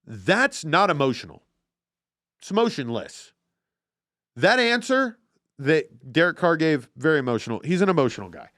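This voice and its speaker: A man hosting a casual football podcast, talking in an excitable, profane, animated way. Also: a little high, moderate pace, pauses often, no echo, studio quality. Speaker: podcast host. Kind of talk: casual sports chat.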